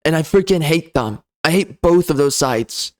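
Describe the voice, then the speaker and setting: Sneering, ranting man, high-pitched. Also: expressive, moderate pace. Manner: loud, sneering, profane. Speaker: game reviewer. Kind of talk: ranting comedy commentary.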